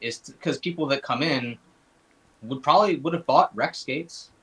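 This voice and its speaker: A man at a mid pitch chats casually as a podcast guest. He rambles, restarts his sentences and fills the gaps with um and like. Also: normal speed, bright, forceful tone, low-quality recording. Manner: rambling, many fillers and restarts. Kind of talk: casual chat.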